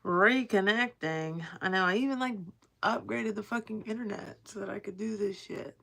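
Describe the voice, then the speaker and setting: Crafting at home on a livestream, a woman chats loosely with her viewers, rambling and cursing without restraint. Her voice is medium in pitch and a bit bright, with vocal fry, and she keeps a moderate pace.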